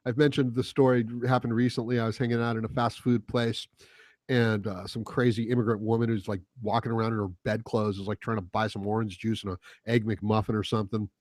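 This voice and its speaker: A man's voice: lowish voice, level tone, a little fast, darkish tone, no echo, clean studio sound. A man hosting a casual solo podcast, rambling and profane, chuckling often as he talks. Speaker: podcast host.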